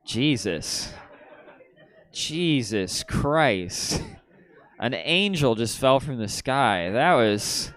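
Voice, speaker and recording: Deadpan stand-up comic, lively pitch. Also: male voice, very slow, no echo. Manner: deadpan storytelling with sudden excited outbursts. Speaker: stand-up comedian. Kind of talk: stand-up comedy set. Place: comedy theater stage.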